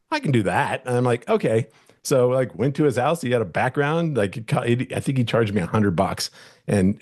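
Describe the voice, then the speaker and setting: A man's voice: mid-range voice, a little mellow. A middle-aged man who is a real estate agent, teaching a webinar in a casual, rambling way with many restarts and fillers.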